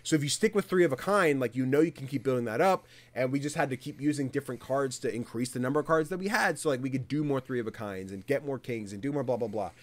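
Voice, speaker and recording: Male podcast co-host, casual and animated, filler-heavy storyteller. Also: medium pitch, quick pace, few pauses. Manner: animated storyteller, many fillers and sound effects. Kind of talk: casual chat.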